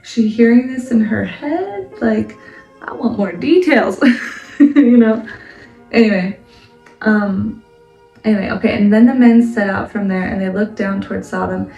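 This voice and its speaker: A woman's voice: medium pitch, a little slow, vocal fry, pauses often, mellow, dull audio. A woman hosting a casual Bible study vlog, chatty and laughing as she explains, full of "like" and "right?". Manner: laughs often while explaining. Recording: echoey room, mic at a distance, faint music.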